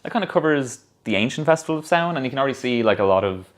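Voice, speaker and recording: A man's voice: medium pitch, lively intonation, racing. A man with an Irish accent presenting history on a casual podcast, joking and filling with 'like' and 'uh'.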